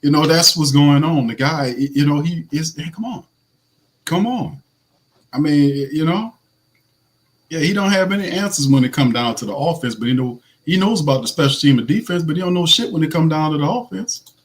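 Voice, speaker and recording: A man with a naturally raspy voice hosting casual live fan commentary, animated, blunt and slangy, laughing often. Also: on the high side, brisk. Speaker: host.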